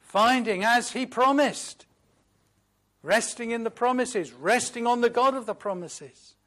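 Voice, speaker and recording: A man preaching a sermon, slow and emphatic, moving from loud declarations to hushed, reflective asides. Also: high voice. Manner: quotes hymn lines in a reflective voice.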